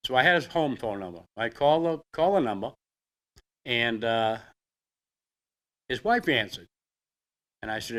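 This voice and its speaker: An older man with a Boston accent, a veteran telling his own story in a plainspoken, halting way. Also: medium pitch, lively intonation, bright, forceful tone. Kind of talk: personal storytelling.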